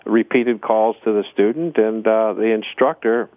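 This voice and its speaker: A man who teaches flying tells stories from his lessons, often doubling back and restarting his sentences. His voice sits on the low side. It comes through a tinny, phone-like line with no room sound. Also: fairly even intonation, unhurried, no room sound. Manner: rambling, with frequent restarts. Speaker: flight instructor. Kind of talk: storytelling in a casual interview.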